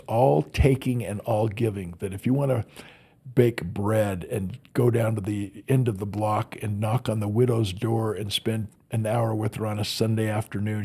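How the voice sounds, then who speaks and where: Guesting on a podcast, a man who works as a motivational speaker shares heartfelt stories, repeating words as he gropes for the right ones. He has a lowish, mellow, slightly rough voice.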